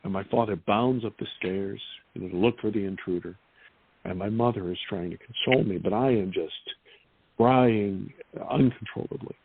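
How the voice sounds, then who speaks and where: A man in his fifties earnestly retelling a personal experience as an interview guest, halting and restarting as he goes. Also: on the low side, husky, no room sound. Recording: tinny dry phone-like line.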